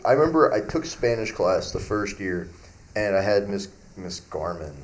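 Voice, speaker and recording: A man's voice: on the low side, very animated, normal speed. A young man on a podcast, rambling through an anecdote and acting out what people said. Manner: rambling anecdote-teller who acts out quotes. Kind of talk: casual storytelling chat.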